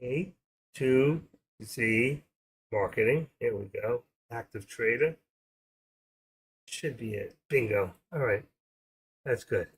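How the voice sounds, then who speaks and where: Older male host, husky, chatty and rambling, casual livestream talk. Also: mid-range voice, takes it slowly, pauses often.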